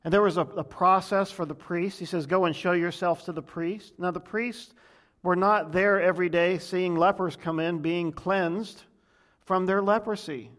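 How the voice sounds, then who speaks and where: A male pastor delivering a sermon. His voice sits a little high for a man, and he drives his points home through repetition, now and then restarting a phrase. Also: steady tone, normal speed, a bit bright. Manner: emphatic preaching with repetition.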